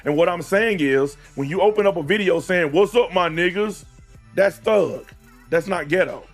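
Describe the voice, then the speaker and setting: A man, hosting a casual podcast debate, blunt and profane, slowing down to stress his points. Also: high-pitched, faint music behind. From American South. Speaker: host.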